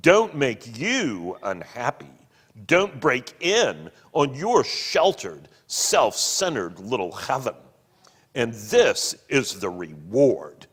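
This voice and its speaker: A man voicing a self-pitying, theatrical ghost husband who declaims bitterly and loudly. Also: mid-range voice, very animated, slow pace, full character voice. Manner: declaiming, bitter, loud, drawn out. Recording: long hall reverb.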